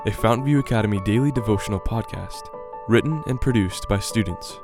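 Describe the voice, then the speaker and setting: A young man reading a scripted devotional in a calm, earnest way. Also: lowish voice, brisk, music in the background. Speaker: devotional reader.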